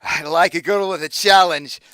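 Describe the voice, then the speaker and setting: A man doing a loud, sneering villain. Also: fairly high pitch, moderate pace, smooth, dry recording, voice pushed up. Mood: leering. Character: menacing drugged-up male brothel client. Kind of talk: tabletop role-play voice acting.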